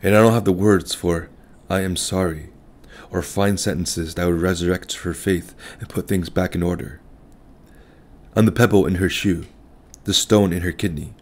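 A man with a notably deep voice narrates a literary short story in the first person. His reading is calm, measured and reflective. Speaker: audiobook narrator.

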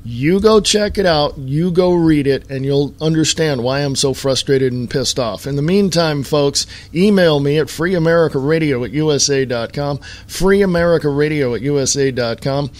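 A man hosting his own podcast in a talk-radio monologue style, hammering points home with slow, stressed words and repeats. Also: a little high. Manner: emphatic, repetitive, slowed stress on key words. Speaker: podcast host.

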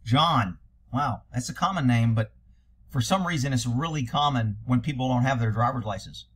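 A man's voice: mid-range voice, normal speed, a bit bright, husky. A man commenting on police videos from a cop's point of view, blunt, sarcastic and profane. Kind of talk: reaction commentary.

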